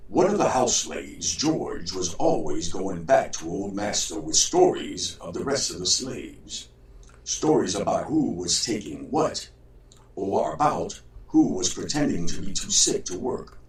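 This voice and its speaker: Low-voiced man reading a story aloud. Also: big pitch swings, slight background noise. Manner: unhurried, stumbles and corrects himself. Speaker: host, storyteller. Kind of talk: reading a folk tale aloud. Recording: roomy echo, distant mic.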